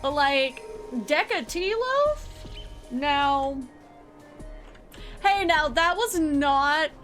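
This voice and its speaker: A young American woman rambles casually to her viewers while she plays, tossing in "like" at every turn. Her voice sits high, and the talk wanders loosely from thought to thought. Faint music plays under her. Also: animated, very slow, a bit bright. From United States. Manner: rambling and chatty, heavy on fillers like "like". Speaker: game streamer. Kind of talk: casual chat while gaming.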